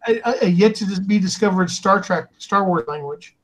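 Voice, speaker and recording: A man with a high voice hosts a casual live drawing stream. He reads the chat aloud in a loose, chuckling way and trips over the usernames. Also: moderate pace, low-quality recording. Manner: reads viewer comments aloud, chuckling, stumbling over names.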